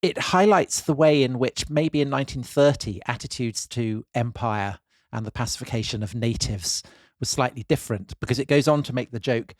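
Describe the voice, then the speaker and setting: A British man co-hosting a history podcast, explaining ideas in a thoughtful, measured way. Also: medium pitch, dry recording. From Britain. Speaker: podcast co-host. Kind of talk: casual history podcast chat.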